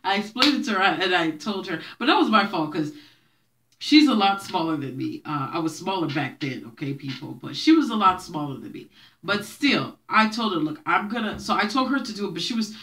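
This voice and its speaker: She speaks fairly quickly in a lowish, slightly bright voice with lively intonation, chatting to camera about growing up and laughing frequently. The young vlogger comes from a Haitian family in Brooklyn and grew up speaking Haitian Creole.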